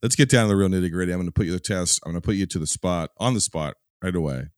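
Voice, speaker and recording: A man's voice: sits low, very fast, clean tone, dry recording, clean studio sound. A man hosting a casual film podcast, chatty and wry, with the odd swear. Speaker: podcast host. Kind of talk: casual chat.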